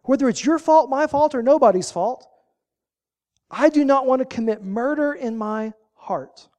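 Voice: high-pitched, animated, moderate pace, dark tone. A pastor preaching a sermon, folksy and emphatic, driving points home with short repeated commands.

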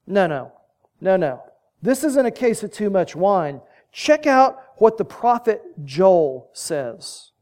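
High-voiced man preaching a sermon. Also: expressive, unhurried, darkish tone. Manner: storytelling, building to emphatic peaks.

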